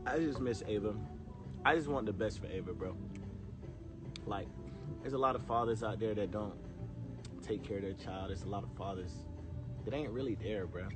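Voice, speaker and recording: A man's voice: lowish voice, normal speed, pauses often, music in the background. A man on a livestream, drunk, rambling and swearing in casual chat. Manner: slurry, rambling, laughing and swearing.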